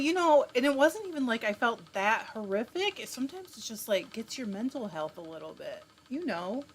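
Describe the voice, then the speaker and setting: A woman's voice: medium pitch, slight background noise. A woman hosting a live stream, chatting casually, greeting viewers by name and reading their comments aloud. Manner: laughs often while talking. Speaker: livestream host spinning yarn.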